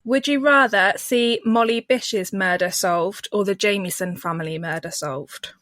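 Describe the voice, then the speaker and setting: A woman's voice: medium pitch, unhurried, fairly bright tone, no room sound, clean studio sound. A woman with a posh English accent hosting a podcast interview, asking questions and laughing often. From England. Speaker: podcast host. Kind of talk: casual interview.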